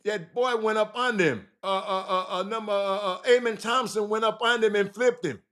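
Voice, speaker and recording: Guy on a stream arguing basketball with chat, high bright voice, keeps repeating himself. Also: a little fast. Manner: animated, teasing chat readers, repeats phrases. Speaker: livestream host. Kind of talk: casual basketball talk on a livestream.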